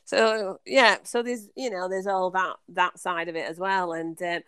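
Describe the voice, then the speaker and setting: A woman's voice: lowish voice, steady tone, a little slow, a bit bright, smooth, no room sound. Thoughtful woman, dry sound. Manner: thoughtful, questioning, many restarts. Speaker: podcast co-host. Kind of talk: casual chat.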